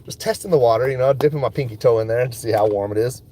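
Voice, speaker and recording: A man's voice: medium pitch, fast, dark tone. A man talking casually on a phone livestream about his stock picks, joking, swearing and laughing while he drives and waits in a coffee line. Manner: laid-back, joking, swears freely, laughs often. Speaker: stock market vlogger. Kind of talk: casual rambling livestream chat. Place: in a car and at a coffee shop.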